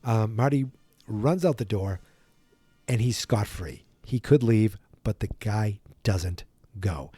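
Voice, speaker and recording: A man's voice: lowish voice, expressive, slow pace, warm tone, husky, no room sound, soft background music. A man hosting a podcast, casually retelling a film from memory in a rambling way. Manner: rambling, full of restarts and impressions. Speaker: podcast host.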